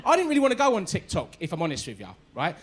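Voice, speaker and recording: A man in his forties with a London Cockney accent doing a stand-up set on a club stage, his voice pitched high. He talks in a punchy, chatty way and keeps tagging his lines with "right?". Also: huge pitch swings, rapid-fire, a little hiss or hum. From East London, England. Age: 40s. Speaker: stand-up comedian.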